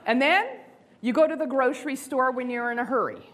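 A woman giving a sermon-style talk, expressive and acting out inner voices, slowing down for emphasis. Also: sits high, slight background noise. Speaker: speaker.

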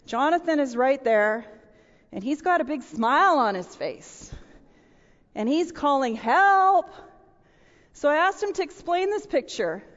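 A middle-aged woman giving a storytelling sermon to a room of listeners, animated and acting out voices and sound effects. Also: high voice, moderate pace. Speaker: women's speaker. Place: large room with audience. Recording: dull, with long hall reverb.

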